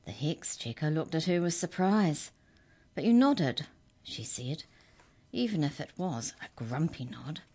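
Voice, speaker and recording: Low-voiced woman narrator for a children's storybook, calm and measured. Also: husky. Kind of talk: reading a children's story aloud.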